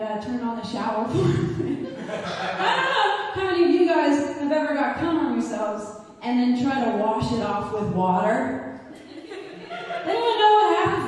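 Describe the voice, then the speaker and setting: A woman's voice: high voice, recorded from a distance. A young woman performing a stand-up set, telling a crude story candidly and laughing often. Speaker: stand-up comedian. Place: comedy club stage. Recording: roomy reverb, mic heard from afar.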